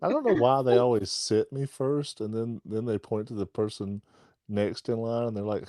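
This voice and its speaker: A man's voice: lowish voice, normal speed, dark tone, dry recording. A man co-hosting a podcast, telling rambling jokey stories and laughing often. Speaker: podcast co-host. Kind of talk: joking casual chat.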